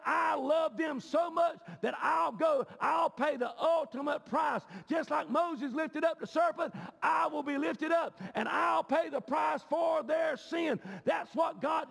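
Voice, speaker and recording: A man preaching a sermon, often shouting with a rising cadence. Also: extremely high pitch, creaky. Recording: long hall reverb.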